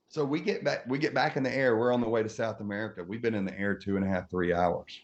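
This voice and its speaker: A man who is a podcast guest, telling a comic story in an animated way and laughing often through it. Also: lowish voice, quick pace, creaky. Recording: muffled audio with faint noise.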